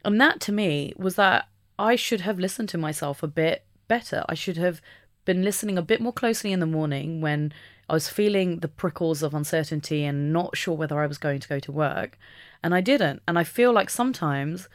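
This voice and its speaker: A woman speaking as an interview guest, talking openly and reflectively, with the odd soft laugh. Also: on the low side, animated, fairly quick, dry recording, studio quality. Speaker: podcast guest. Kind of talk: candid conversational interview.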